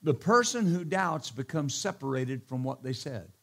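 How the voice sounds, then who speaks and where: A man's voice: medium pitch, expressive, moderate pace, creaky, breathy edge. A middle-aged male pastor preaching a sermon, emphatic, often calling out hallelujah and amen, with joking asides to the congregation.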